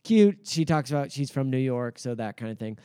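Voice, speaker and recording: A man's voice: medium pitch, lively intonation, fairly quick, warm tone, clean tone, no room sound, studio quality. A man co-hosting a podcast in casual chat, rambling with lots of fillers as he recaps comedy sketches in an amused way. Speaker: podcast co-host.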